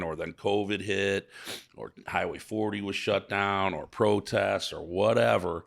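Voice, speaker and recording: Gravelly low-voiced St. man. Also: fairly bright tone. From St. Louis, USA. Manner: halting, repeats words, emotional and earnest. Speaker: business owner guest. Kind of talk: casual interview.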